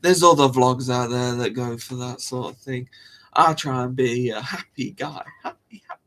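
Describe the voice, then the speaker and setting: A man's voice: medium pitch, moderate pace, fairly bright tone. Rambling, giggly young man streaming. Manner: rambling, chatty, giggles often, self-interrupting. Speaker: live stream host. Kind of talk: casual live-stream chat.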